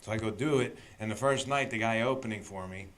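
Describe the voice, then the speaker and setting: A man who is a guest comedian, telling road stories in a casual chat, animated and often laughing. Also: lowish voice, quick pace.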